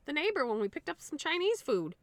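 An American woman co-hosting a podcast over a remote call, loud and emphatic in casual chat, swearing freely. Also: high voice, sing-song, fairly quick, no echo. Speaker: podcast co-host.

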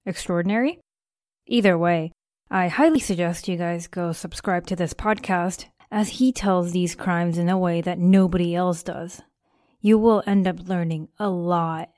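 A woman's voice: on the low side, a little mellow, dry recording. Woman hosting a podcast, dry close sound. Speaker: podcast host. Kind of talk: casual podcast talk.

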